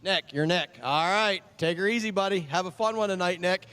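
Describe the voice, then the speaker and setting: A clean, high, pushed and bright voice belongs to a speedway track chaplain speaking at a moderate pace. Outdoors, he offers ice cream vouchers to kids and keeps up friendly, joking PA chatter, saying their names back.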